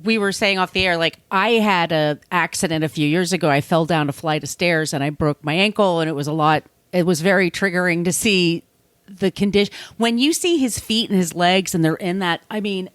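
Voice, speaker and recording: Woman, podcast co-host, casual chat, chatty, middle pitch, dry sound. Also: brisk, clear, resonant tone, no echo. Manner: chatty, acts out quotes with plenty of fillers.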